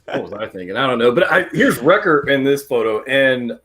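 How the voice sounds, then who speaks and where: A man's voice: medium pitch, lively intonation, brisk, a bit bright. A man co-hosting a casual livestream, chuckling often and asking questions. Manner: laughs easily, asks questions. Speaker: livestream co-host.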